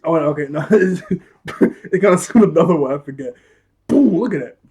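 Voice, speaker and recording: Man, casual episode recap, rambling, slangy, slightly high voice, husky. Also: lively intonation, a little fast, dark tone. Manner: chatty and rambling, laughs often, slangy. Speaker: cartoon episode reviewer.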